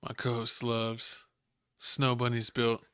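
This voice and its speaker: A man's voice: medium pitch, completely flat delivery, slow, sharp tone, clear, resonant tone, no echo, clean studio sound. A man co-hosting a casual podcast, teasing his co-host and laughing often.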